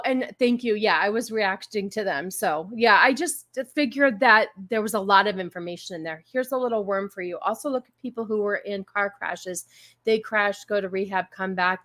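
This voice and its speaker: A woman's voice: medium pitch, a bit bright. Chatty woman hosting a livestream. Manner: chatty, rambling, many fillers. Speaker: livestream host. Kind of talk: casual livestream chat.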